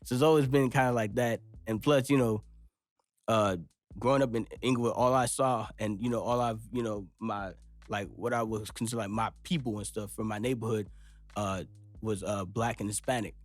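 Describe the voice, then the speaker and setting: A man's voice: lowish voice, fairly even intonation, moderate pace, no echo. A young man from Los Angeles with a laid-back West Coast accent, talking casually in a studio interview and rambling with lots of fillers. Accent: West Coast American. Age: young adult. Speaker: rapper guest. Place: recording studio.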